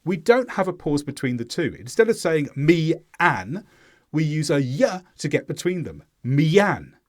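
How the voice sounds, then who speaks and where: A man with a British accent teaching English pronunciation in a scripted lesson, speaking clearly and slowly demonstrating sounds. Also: a little high, big pitch swings, a little mellow.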